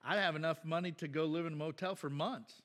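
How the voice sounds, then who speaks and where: This pastor's voice sits on the high side, and he speaks fast with the sound of a big room around him. His sermon is blunt and chatty, full of animated back-and-forth with the church congregation.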